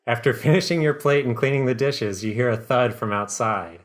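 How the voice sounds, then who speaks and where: A man narrates a comedic second-person story on a podcast. His reading is dry and deadpan, at an ordinary mid pitch. He often breaks off into a laugh. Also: moderate pace.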